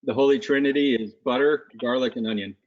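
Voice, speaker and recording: A man's voice: medium pitch, steady tone, brisk, lo-fi sound. Rambling male cooking-stream host. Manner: loose and rambling, many fillers. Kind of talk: casual chat.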